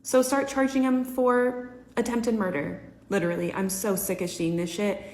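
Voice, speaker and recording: A woman's voice: medium pitch, little pitch movement, normal speed, darkish tone. A woman giving an indignant, emphatic reaction commentary. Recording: roomy echo.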